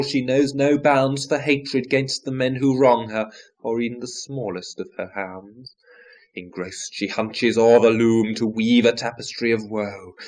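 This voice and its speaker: Low-pitched guy dramatically reciting nonsense verse, swinging loud then hushed. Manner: declaiming with big swings in pitch and loudness.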